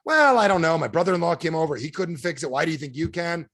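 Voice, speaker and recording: A man's voice: fairly high pitch, lively intonation, fast, a bit bright. A man plays a grumbling, skeptical homeowner in a told story. He whines in a raised voice, hedging every answer with doubt. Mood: grudging. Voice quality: whiny, hedging.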